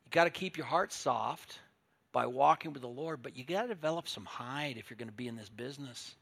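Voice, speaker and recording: An older man preaching a sermon as pastor, telling stories, moving from quiet asides to loud emphatic points. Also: mid-range voice, fairly quick, gravelly, breathy edge.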